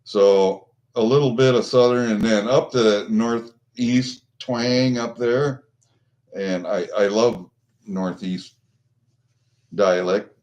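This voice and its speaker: A middle-aged vlogger talks casually with his livestream viewers, rambling and swearing, full of fillers and restarts. His voice is on the low side and darkish, his pace slow, and the audio sounds lo-fi.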